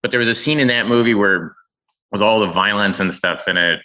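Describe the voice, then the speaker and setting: Deep, bright-voiced man telling stories. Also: a little fast, rough recording. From Oklahoma, USA. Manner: animated storyteller acting out quoted people. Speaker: guest. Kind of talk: casual chat.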